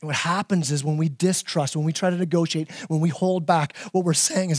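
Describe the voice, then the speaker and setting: A middle-aged man preaching a sermon as pastor, animated, often repeating words as he builds a point. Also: brisk, dry recording, studio quality. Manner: animated, repeats words, acts out his kids in a high voice.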